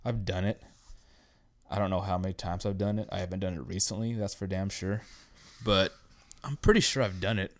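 A man's voice: deep voice, brisk, no echo. A man in his thirties hosting a solo podcast, ranting bluntly and swearing constantly in casual talk. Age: 30s. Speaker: podcast host.

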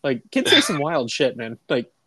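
A man's voice: medium pitch, wildly swooping pitch, moderate pace, bright, forceful tone, no echo. A man in his thirties, co-hosting a casual podcast chat late at night, rambling and swearing as he laughs through stories about his kid. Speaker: podcast co-host, parent.

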